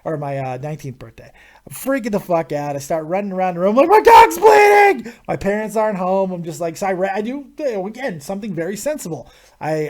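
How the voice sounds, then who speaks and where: A man hosting a live stream, telling a crude story in a casual, animated way with constant swearing. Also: a little high. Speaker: host of a live viewer Q&A stream.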